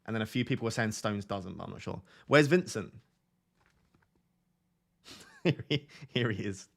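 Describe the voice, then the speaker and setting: Gravelly-voiced man joking on a live stream. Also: lowish voice, animated, moderate pace. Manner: jokey, reads viewer comments aloud and laughs a lot. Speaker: fantasy football streamer host. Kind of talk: casual live stream chat.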